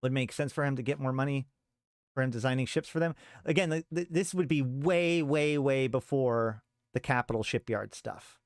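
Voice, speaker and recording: A man's voice: medium pitch, moderate pace, no room sound, clean studio sound. A man streaming a casual talk on game lore and reading a story aloud, rambling with many restarts.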